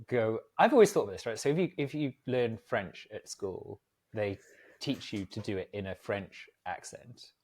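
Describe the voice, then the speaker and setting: A man's voice: fairly low pitch, moderate pace, a little mellow. A man hosting a casual podcast, chatty and rambling, laughing easily as he talks. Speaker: podcast host, agency co-founder.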